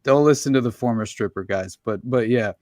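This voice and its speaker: A man's voice: mid-range voice, fairly quick, darkish tone, dry recording, clean studio sound. A man co-hosting a podcast, rambling and swearing freely in casual chat, laughing often. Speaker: podcast co-host.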